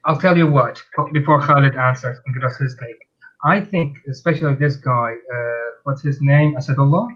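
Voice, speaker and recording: A man's voice: medium pitch, normal speed, muffled recording. A man hosting a casual live stream chat, telling stories bluntly with many restarts. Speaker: host.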